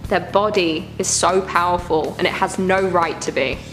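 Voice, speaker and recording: A woman's voice: fairly low pitch, moderate pace, fairly bright tone, soft background music. A woman hosting a reaction video, chatting casually and groaning in disgust as she rambles. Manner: squeamish, exclaiming, rambling.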